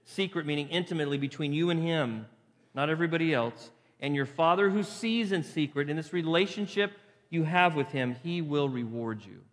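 A man's voice: fairly high pitch, a little fast. Man preaching in a reverberant hall. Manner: conversational, asks the crowd rhetorical questions; repeats phrases for emphasis. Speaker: pastor. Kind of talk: sermon.

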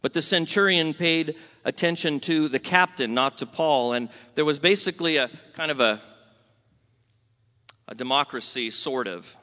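A man from Southern California preaching a sermon in a conversational, animated way, questioning the congregation. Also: fairly high pitch, moderate pace. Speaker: pastor. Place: church sanctuary. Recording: long hall reverb.

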